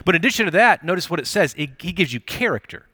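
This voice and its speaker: A young man delivers a conversational sermon with lively, playful asides. His voice sits a little high for a man, and the sound is close and dry with almost no room echo. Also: fast talker. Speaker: pastor. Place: church auditorium.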